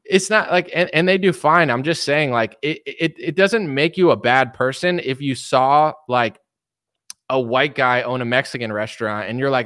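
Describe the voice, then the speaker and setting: A man's voice: medium pitch, moderate pace, a bit bright, clean tone, dry recording, clean studio sound. A young man hosting a livestream, talking casually and animatedly, rambling and mimicking imagined people. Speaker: streamer host.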